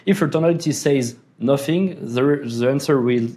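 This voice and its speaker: A man's voice: medium pitch, moderate pace, dark tone. A young man with a French accent and French as his first language, chatting casually about sales and laughing through his stories. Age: young adult. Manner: non-native phrasing, laughs while telling stories. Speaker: sales closer. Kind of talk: casual podcast chat.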